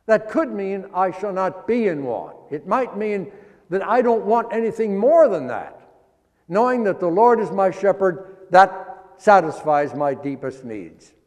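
Pastor, male, high-pitched, folksy sermon delivery, long echo of a sanctuary. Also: big pitch swings, a little mellow. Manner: folksy, drawn-out emphasis on key words. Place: church sanctuary.

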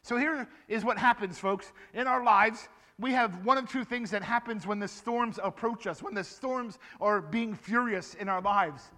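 A man giving a lively children's sermon in church, asking the children questions and acting out the story for them. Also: high-pitched, normal speed, few pauses, in a large hall. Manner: animated, asks the children questions. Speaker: children's pastor.

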